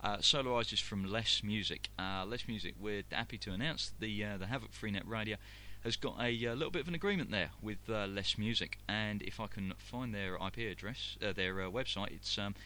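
A man's voice: lowish voice, fairly quick, hardly any pauses, sharp tone, a little hiss or hum. A man with a London accent hosting a live internet radio show, rambling through announcements with many fillers and restarts. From London, England. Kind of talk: casual live radio chat.

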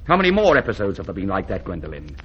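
A man's voice: deep voice, huge pitch swings, very fast, breathy edge, muffled recording, exaggerated voice. An actor playing a jealous, pompous male professor who lectures stiffly in a vintage radio drama. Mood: indignant.

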